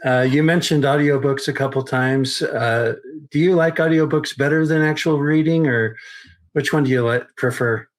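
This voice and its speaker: In a mid-range voice at a normal pace, a podcast host interviews his guest, working through questions methodically and frequently restarting how he words them.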